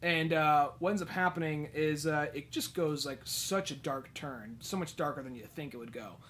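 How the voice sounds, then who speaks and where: A man's voice: on the high side, moderate pace, a bit bright. A man co-hosting a comedy podcast, rambling and swearing as he recaps a movie and acts out bits of dialogue. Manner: rambling, profane, acts out quotes. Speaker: podcast co-host. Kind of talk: casual comedy podcast chat.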